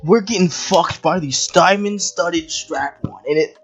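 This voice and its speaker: A woman ranting in a video review. She is profane and exasperated and often breaks into shouts. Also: fairly low pitch, a little slow, slightly rough, faint music behind. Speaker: video commentator. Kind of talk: angry review rant.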